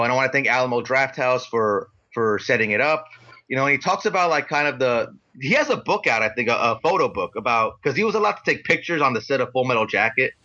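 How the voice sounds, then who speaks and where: A man co-hosting a podcast, telling an animated story in a casual, excitable, slangy way. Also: mid-range voice, lo-fi sound. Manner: excitable, slangy, retells with quoted voices. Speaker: podcast co-host.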